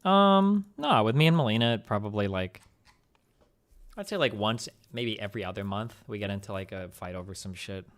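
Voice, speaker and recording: A man's voice: on the low side, lively intonation, brisk, a bit bright. A young man streaming, talking casually and bluntly with lots of swearing and rambling fillers. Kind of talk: casual profane chat on stream.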